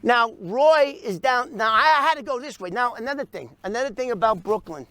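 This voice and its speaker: A man tells an animated story, punching it up with sound effects. His voice sits high for a man. The sound is dry and close, with no room around it. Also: fairly quick, no echo. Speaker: storyteller recounting his past. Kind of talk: animated first-person storytelling.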